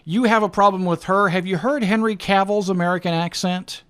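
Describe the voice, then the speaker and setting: A man co-hosting a podcast, chatting casually in an animated, argumentative way. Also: sits high, clean tone. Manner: animated, argumentative, quick to laugh. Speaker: podcast co-host. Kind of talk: casual chat.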